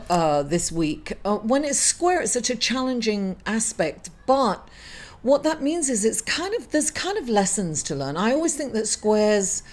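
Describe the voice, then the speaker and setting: Halting, emotional woman astrology reader. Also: medium pitch, darkish tone. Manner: halting, many fillers and apologies. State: emotional, grieving. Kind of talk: weekly horoscope reading to camera.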